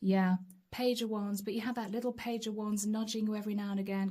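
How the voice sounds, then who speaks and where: A woman's voice: medium pitch, normal speed, mellow. Chatty woman reading tarot. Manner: chatty, laughing, relatable asides. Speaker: tarot reader. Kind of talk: channeled tarot reading to camera.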